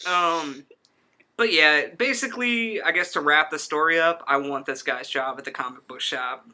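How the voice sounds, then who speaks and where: A young man co-hosting a podcast, telling rambling stories in casual chat and quick to laugh. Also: on the high side, pushed and bright. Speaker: podcast co-host.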